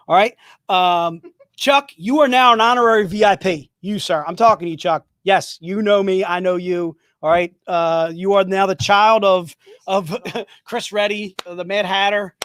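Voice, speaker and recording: A man running a live sales stream in a high, bright-sounding register, cracking jokes and pushing each item with hyped, rapid-fire patter. The sound is dry and close, with no room echo. He talks casually and keeps the energy up. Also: fairly even intonation, clean tone.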